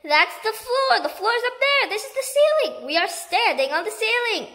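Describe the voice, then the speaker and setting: A woman's voice: lively intonation, brisk, fairly bright tone. A woman voicing a spiteful old woman who screams and shrieks. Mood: shrill, panicked. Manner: screaming, shrill.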